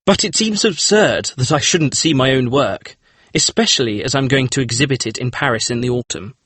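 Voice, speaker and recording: An actor playing an earnest, troubled male painter with a husky voice, in an audiobook drama reading. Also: mid-range voice, expressive, fairly quick, a bit bright, no echo. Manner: pleading, earnest.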